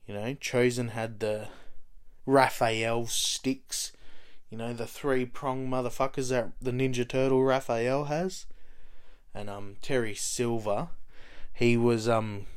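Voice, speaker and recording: A man's voice: medium pitch, fairly even intonation, slow pace, smooth. A man casually recapping a TV show, rambling and swearing, full of fillers like "you know" and "like.". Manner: profane, rambling, heavy on fillers. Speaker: TV show fan recapping episodes.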